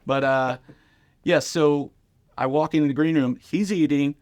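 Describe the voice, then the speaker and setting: A middle-aged man telling comedy anecdotes casually, with lively impressions and lots of fillers. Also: a little high, measured pace, dry recording. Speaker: guest comedian and radio host. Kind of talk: casual storytelling.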